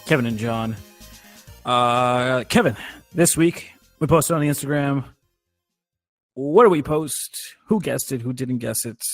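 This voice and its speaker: A young man co-hosting a casual podcast chat, loose and joking, acting out reactions with mock shouts. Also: mid-range voice, measured pace, dry recording, faint music behind. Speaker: podcast co-host.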